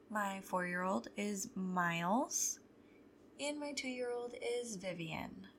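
A woman's voice: medium pitch, gravelly, a bit bright, slight background noise. A young adult woman hosting a podcast, telling stories in a candid, profane, wry way. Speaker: podcast host. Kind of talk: casual storytelling chat.

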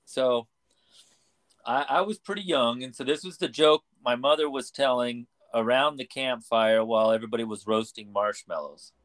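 Storytelling man, halting restarts. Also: medium pitch, fairly bright tone. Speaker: podcast co-host. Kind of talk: casual chat.

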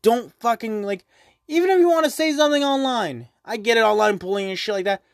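Young man, high voice, dry close mic, rambling sweary podcast host. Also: a little fast, no room sound. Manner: rambling, swears often, many fillers. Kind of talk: casual solo podcast monologue.

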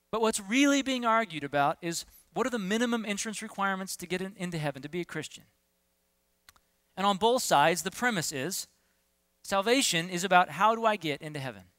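High, bright-voiced preaching man. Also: animated, normal speed, dry recording. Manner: conversational, self-deprecating humor with many fillers and restarts. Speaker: pastor. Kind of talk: sermon.

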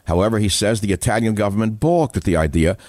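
A man's voice: on the low side, fast, a little mellow, dry recording, studio quality. A man hosting a political talk radio show, delivering an emphatic monologue that repeats key words and draws out stressed phrases.

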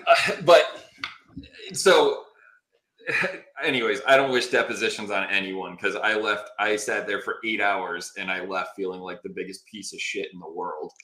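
A man guesting on a podcast, telling a story in animated, exasperated casual chat and swearing freely. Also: lowish voice, unhurried, roomy sound.

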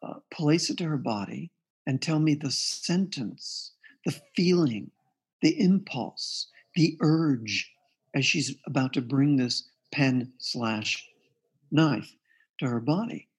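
A man's voice: fairly high pitch, lively intonation, slow pace, husky. A man being interviewed as a guest therapist, earnestly recounting a client's case and quoting the dialogue. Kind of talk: interview storytelling.

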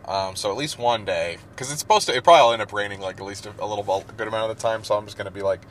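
Speaking very fast in a lowish voice, this podcast co-host chats casually, spinning animated stories full of jokey asides.

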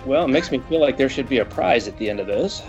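Male co-host, earnest, halting, lo-fi recording. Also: mid-range voice, expressive, over music. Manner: earnest, repeats words and restarts when speaking. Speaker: podcast co-host. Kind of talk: casual chat.

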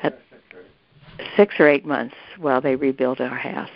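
A woman's voice: rumbling low, fairly even intonation, measured pace, creaky, dry recording. An older woman telling a family story in a rambling way, restarting her sentences often, recorded lo-fi. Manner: rambling, with many restarts and asides. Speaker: interviewee recalling family history. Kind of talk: casual storytelling. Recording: dull, lo-fi, dry recording.

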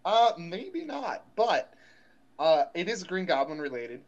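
A young man co-hosting a casual chat, animated and slangy with lots of fillers. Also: fairly high pitch, slow pace, dull audio. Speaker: podcast co-host.

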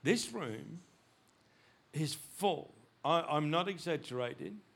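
Animated preaching man, high bright voice. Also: takes it slowly, creaky. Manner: animated preaching, rising loud when voicing God; frequent restarts and repeated words. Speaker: pastor. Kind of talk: sermon.

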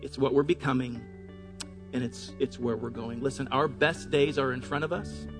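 A man's voice: medium pitch, fairly even intonation, music in the background. A middle-aged male pastor giving an earnest, emphatic sermon in a church gymnasium. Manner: earnest, emphatic preaching with slow stressed phrases. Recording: long hall reverb.

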